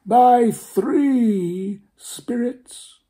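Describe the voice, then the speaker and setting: A man reading a story aloud, voicing a dead man's ghost who gives solemn, drawn-out warnings. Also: extremely high pitch, dark tone, voice pushed up, exaggerated voice.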